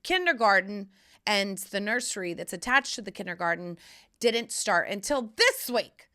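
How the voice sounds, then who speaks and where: A woman hosting her own podcast, telling a candid, profanity-laced personal story in a casual, animated way. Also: mid-range voice, normal speed. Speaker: podcast host. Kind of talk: casual solo podcast chat.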